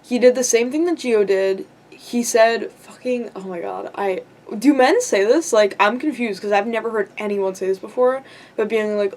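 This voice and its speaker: A woman's voice: medium pitch, normal speed, a little mellow. Rambling young woman, storytime vlog. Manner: rambling, giggly, lots of likes and ums. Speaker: vlogger.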